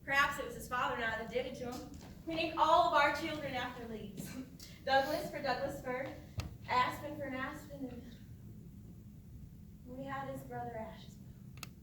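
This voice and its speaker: A woman's voice: high voice, moderate pace, long pauses, sharp tone, distant mic. A woman playing an eerie mother who is sweetly cheerful one moment and coldly morbid the next. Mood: fond. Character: eerie doting mother of grown children, dwells on a dead son. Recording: echoey room, mic from afar, noisy.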